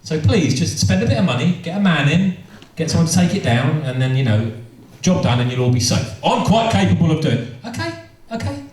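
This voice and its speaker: A man's voice: fairly high pitch, very animated, fairly quick, hardly any pauses. A man doing stand-up storytelling, rambling and repeating himself with amused asides. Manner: rambling, self-interrupting, amused. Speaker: stand-up comedian. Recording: echoey room from far off.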